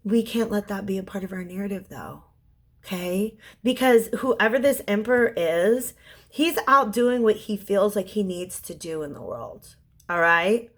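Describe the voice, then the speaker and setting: A young woman giving a gentle, soothing tarot reading, often restarting her sentences and sometimes dropping to a whisper. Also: medium pitch. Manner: halting restarts and repeated words. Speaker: tarot reader. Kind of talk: intuitive tarot reading to a viewer.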